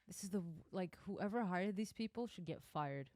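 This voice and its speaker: A young woman streamer giving casual reaction commentary on film clips, animated and emphatic, with frequent asides. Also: on the low side, moderate pace, hardly any pauses, dry recording.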